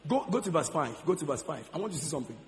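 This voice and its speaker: A man's voice: a little high, big pitch swings, rapid-fire, a little hiss or hum. A man preaching a sermon, quizzing the congregation and repeating key phrases. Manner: call-and-response questioning, repeats key phrases. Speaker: pastor. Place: large church hall. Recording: long church hall reverb.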